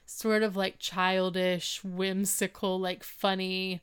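A woman's voice: mid-range voice, flat delivery, slow, fairly bright tone, clear, resonant tone. A woman co-hosting a podcast in casual chat, recapping a TV episode and filling her talk with "like". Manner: chatty, heavy use of "like". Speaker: podcast co-host.

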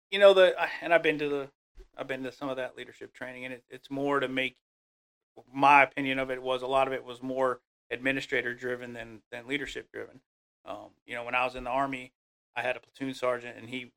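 A middle-aged man in casual conversation, telling leadership stories and acting out the people he quotes. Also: medium pitch. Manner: animated storyteller, acts out quoted voices. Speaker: guest speaking on leadership.

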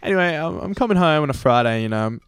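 A man's voice: fairly high pitch, expressive, fast, clean tone, no echo, studio quality. A man from Argentina, in his thirties, telling a rambling, self-deprecating story in casual chat as a guest, laughing often. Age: 30s.

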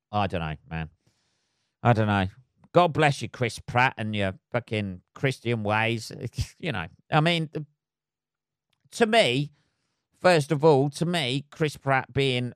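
A man rants sarcastically on his solo podcast, swearing in almost every sentence. His voice sits a little high and comes across smooth and clear. The sound is close and dry, with no room echo. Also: fairly bright tone. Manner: swears constantly, sarcastic, rambling. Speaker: podcast host.

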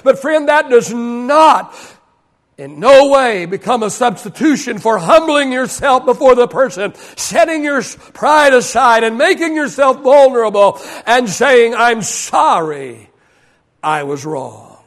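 This male pastor's voice is extremely high and expressive, and he takes his time as he preaches at a church service. He hammers key phrases through repetition and gets his congregation responding back in call-and-response.

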